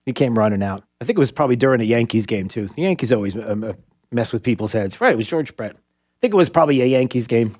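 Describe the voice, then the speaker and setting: Male talk radio host, casual and rambling, middle pitch, dry close studio sound. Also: expressive, fast, a little mellow, no echo. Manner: rambling, many fillers and restarts.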